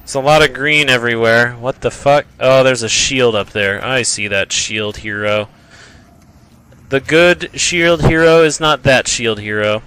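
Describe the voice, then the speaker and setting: A man rambles through his own gameplay in an unhurried, playful way, taunting enemies and echoing his own phrases back in stretched-out tones. His voice is bright and forward, with a clean, smooth sound. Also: mid-range voice. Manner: rambling, playful, trash-talking, repeats phrases in a drawn-out voice. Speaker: gameplay commentator. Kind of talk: casual let's-play commentary.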